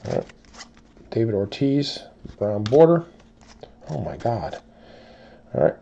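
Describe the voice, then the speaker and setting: A man's voice: fairly low pitch, gravelly, muffled recording, a little hiss or hum. A man hosting a card break, steadily reading out team names and players one after another. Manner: steady rapid-fire listing of teams and players. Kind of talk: calling out cards in a box break.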